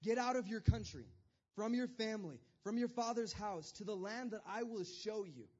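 Guy preacher doing god's voice, big emphatic promises, high-ish voice, kinda muffled. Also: moderate pace, darkish tone, husky. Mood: commanding. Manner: emphatic, raised and insistent. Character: God as a commanding male voice making promises.

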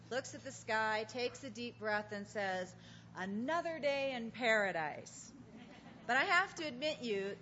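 A woman speaking at a women's gathering, opening in prayer and telling stories in an earnest, animated way. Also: on the high side. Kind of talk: devotional talk with prayer. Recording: dull lo-fi sound, faint noise.

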